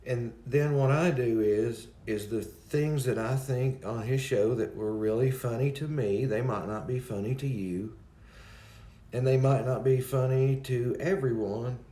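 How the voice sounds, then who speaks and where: A man's voice: medium pitch, unhurried, dark tone, reverberant. A man hosting a livestream, chatting casually and rambling as he greets viewers in the chat by name. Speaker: livestream host.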